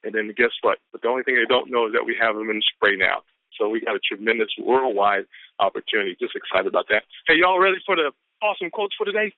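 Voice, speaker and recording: Whooping excited man on a phone line. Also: medium pitch, quick pace, no room sound. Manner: exuberant, whooping, repetitive. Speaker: guest speaker on a business conference call. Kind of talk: motivational pep talk.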